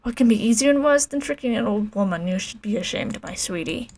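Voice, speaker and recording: A woman's voice: fairly high pitch, animated, fairly quick, a little mellow. A woman playing a sly old demon housekeeper. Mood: teasing. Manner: teasing, sly.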